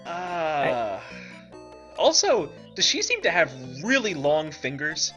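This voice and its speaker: A man's voice: a little high, huge pitch swings, slow, bright, forceful tone, dull audio, faint music behind. A man co-hosting a let's play, chatting wryly and explaining the game with frequent fillers and restarts. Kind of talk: casual gameplay commentary.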